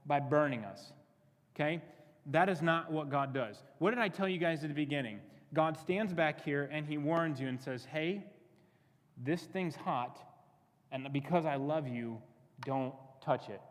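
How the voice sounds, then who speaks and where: A fairly high-voiced man preaching to a youth group, full of energy and questions for the crowd. His voice rings out with a long church-hall reverb. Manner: energetic, asks the crowd many questions, repeats words. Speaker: youth pastor. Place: church sanctuary.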